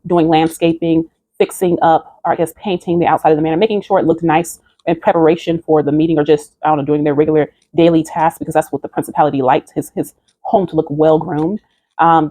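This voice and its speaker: A woman recounts a dream in an earnest, preaching manner, speaking in a mellow, darkish voice set a little low. The sound is dry and close, with no room around it. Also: dry recording. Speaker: video creator. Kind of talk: recounting a dream, spiritual vlog.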